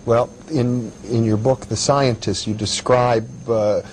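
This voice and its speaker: A man's voice: mid-range voice, fairly even intonation, slow, a little mellow, slight background noise, low-quality recording. A man interviewing, asking reflective questions with frequent restarts. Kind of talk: conversational interview.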